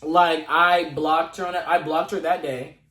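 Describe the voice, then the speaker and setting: A man's voice: a little high, little pitch movement, a little slow, bright, forceful tone. A young man vlogging a casual storytime to camera, retelling events dramatically with slang and asides to his viewers. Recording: echoey room.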